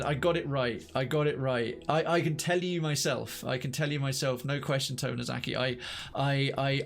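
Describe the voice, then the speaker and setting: Excitable, fairly high-voiced male streamer. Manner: chatty, excitable, stammers and restarts; jumpy, startled easily, exclaims. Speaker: game streamer. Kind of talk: live let's-play commentary.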